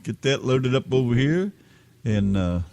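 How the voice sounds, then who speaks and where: A man's voice: medium pitch, animated, a little slow, vocal fry, a little mellow. A man from Texas, co-hosting a casual radio chat in a teasing, joking way. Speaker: co-host.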